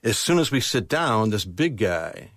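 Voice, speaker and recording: A man's voice: fairly low pitch, very animated, unhurried, fairly bright tone, no room sound. An American man, an author, telling a tense travel story in a radio studio and acting out the people in it. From United States. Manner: vivid storyteller, quotes others in character. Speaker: author and guest.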